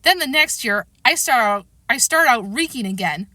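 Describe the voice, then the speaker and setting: A nervous, embarrassed young boy pleads with his father in a high, bright, edgy voice, as a woman reading the storybook puts him on. The sound is close and dry, with no room around it. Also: lively intonation, normal speed, dry recording. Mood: exasperated. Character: anxious embarrassed boy of about eleven.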